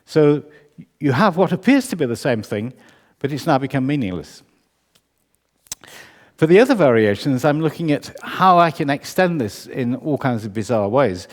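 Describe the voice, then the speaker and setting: A man's voice: medium pitch, sing-song, moderate pace. UK man, composer's lecture, wry and chatty, hall reverb. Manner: conversational, wry, self-correcting. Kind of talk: public lecture. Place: concert hall.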